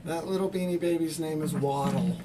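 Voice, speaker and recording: A man joking around as co-host on his sister's live stream, teasing her in a deadpan way. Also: fairly high pitch, fairly quick. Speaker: host's brother, co-host. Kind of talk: casual joking banter. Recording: distant mic with loud hiss.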